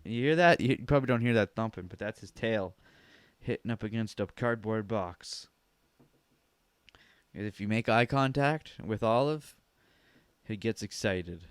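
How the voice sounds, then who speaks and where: On a headphone-monitored studio mic in his home basement, a male podcast host jokes around and swears freely in a casual, animated solo show. His voice is on the low side, a little slow with frequent pauses, clear and resonant, with no room sound.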